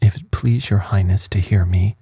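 A man's voice: low voice, fairly even intonation, normal speed, dark tone, husky, no echo, studio quality, exaggerated voice. A man reading the part of a frightened male servant who stammers and pleads.

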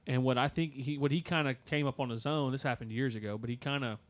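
A man hosting a podcast, telling a story in a casual, halting way with many fillers and restarts. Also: mid-range voice, fairly even intonation. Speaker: podcast host.

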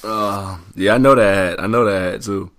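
A man co-hosting a podcast in casual chat, reacting to a friend's stories with slow, laughing disbelief. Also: lowish voice, steady tone, a bit bright. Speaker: podcast co-host.

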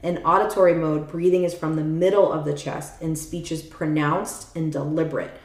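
Her voice is deep and darkish, with fairly even intonation and a normal speed, heard in a roomy space. Co-hosting a podcast, she explains a topic through casual chat and reads some passages aloud, frequently saying "like" and checking that her listener understands.

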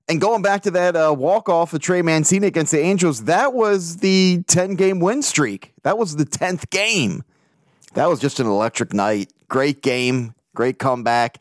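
A man hosting a casual sports podcast alone, excitable and swearing freely as he recounts games and reads out listener emails. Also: medium pitch, no echo, clean studio sound. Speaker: podcast host.

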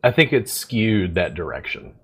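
A man's voice: fairly low pitch, sing-song, moderate pace, a bit bright, breathy edge. A man in his forties hosting a podcast, talking bluntly and matter-of-factly, acting out the people he quotes. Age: 40s. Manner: blunt, matter-of-fact, acts out quoted voices. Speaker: podcast host and massage instructor. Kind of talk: casual podcast chat.

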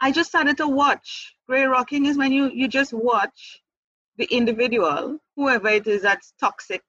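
A woman's voice: high voice, steady tone, moderate pace, pushed and bright, husky, dry recording, lo-fi sound. A woman speaking candidly as an interview guest about her own life, earnest, restarting and repeating words, with light laughs. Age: adult mother. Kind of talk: candid personal testimony.

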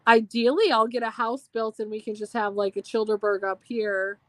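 A woman's voice: on the high side, steady tone, normal speed. A woman from Minnesota chatting wryly as a podcast guest, laughing easily. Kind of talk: casual podcast chat.

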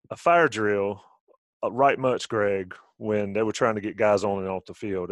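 Middle-aged man hosting sports radio, slightly low voice, dry close sound, chatty and rambling. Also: no room sound. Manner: conversational, rambling with restarts. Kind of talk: casual sports talk.

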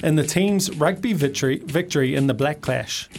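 Upbeat Kiwi male radio host, high voice, breezy quiz banter, light music bed. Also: moderate pace, a little mellow. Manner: upbeat, laughs a lot, calls people mate.

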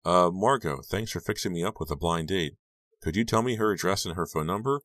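A man's voice: deep voice, a little fast, a bit bright, no echo. A man voicing an awkward teenage boy, hesitant and sheepish as he rehearses an apology. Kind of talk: audiobook character voice.

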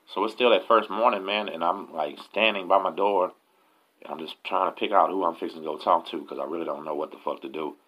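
Texan male host, very low gravelly voice, slangy profane storyteller, lo-fi audio. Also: a little fast. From Texas, USA. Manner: profane, slangy, street talk. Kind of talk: casual storytelling.

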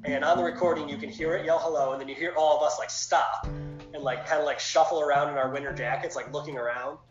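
A man, a paranormal society owner, casually telling his ghost-hunting stories in an interview, animated with many fillers. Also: fairly high pitch, rapid-fire, echoey room, muffled recording, faint music behind.

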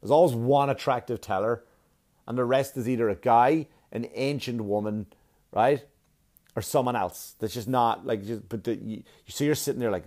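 A man doing a stand-up comedy set, telling stories in a profane, animated way. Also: medium pitch, moderate pace. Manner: profane, animated storytelling with exaggerated quoted voices.

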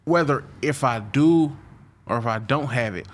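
A man talking as a guest in a casual interview, at an ordinary, middle pitch. His speech is loose and slangy. He repeats himself, trips over his words and restarts his sentences often. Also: unhurried.

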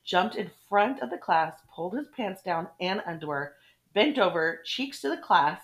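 A playful woman in her thirties, co-hosting a podcast, reads listener stories aloud with a lively, rising and falling voice. She jokes quickly between lines. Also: fairly low pitch. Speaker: podcast co-host. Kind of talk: casual chat, reading listener stories.

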